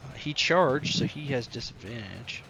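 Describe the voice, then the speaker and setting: A man running a tabletop game as game master, guiding the players in a relaxed way. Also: medium pitch, moderate pace, creaky, background noise.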